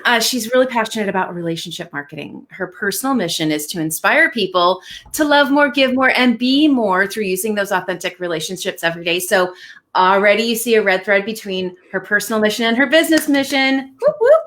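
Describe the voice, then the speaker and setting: A woman's voice: medium pitch, a little fast, fairly bright tone. A woman hosting a live-streamed interview chat, bubbly and effusive, laughing often. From United States. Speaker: host.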